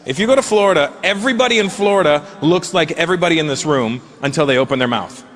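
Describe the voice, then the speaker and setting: A middle-aged man doing a stand-up comedy set in a large venue, animated and swearing freely as he mimics characters. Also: a little high, fast talker. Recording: noisy live show with crowd ambience.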